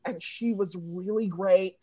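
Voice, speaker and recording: A woman comedy writer in a loose podcast chat, swearing freely and breaking into giggles as she tells her stories. She talks at an unhurried, drawn-out pace. The voice sounds close and dry, with no room around it. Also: mid-range voice, steady tone, mellow, breathy edge, no room sound. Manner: profane, giggly storyteller who laughs mid-sentence.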